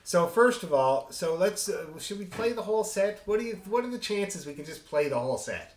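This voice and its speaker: An orchestra leader running an online music rehearsal speaks in a high-sitting voice with lively intonation, a little fast. He chats casually and tells rambling stories, friendly and joking throughout. The room has an echo.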